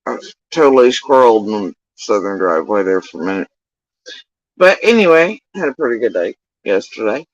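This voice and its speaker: A man's voice: on the low side, very animated, no room sound. A middle-aged man livestreaming casual, meandering chat, often swearing. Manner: profane, meandering, drawn-out. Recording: dull lo-fi dry sound.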